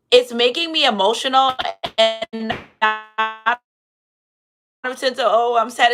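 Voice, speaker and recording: A woman's voice: fairly high pitch, fairly bright tone. A woman giving a live tarot reading. She preaches, quotes scripture and repeats her phrases. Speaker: tarot reader.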